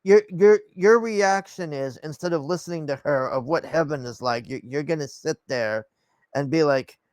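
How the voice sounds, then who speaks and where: A man's voice: a little high, moderate pace, darkish tone, no echo. A man ranting casually to his camera, rambling and exasperated, swearing often and trailing off with sighs. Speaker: vlogger.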